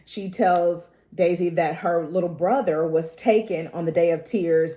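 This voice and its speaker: A woman's voice: fairly low pitch, fairly even intonation, a little slow, warm tone. A woman casually recapping a TV episode, telling it as chatty gossip, acting out quotes and laughing often. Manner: chatty storytelling, acts out quotes; laughs often while talking. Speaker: TV recap vlogger.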